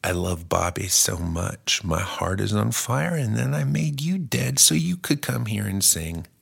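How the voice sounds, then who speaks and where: A man's voice: lowish voice, expressive, a little slow, creaky, slightly rough, full character voice. A man voicing Jesus as a casual, doting guy in a comedy bit. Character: laid-back adult male Jesus, casual and doting.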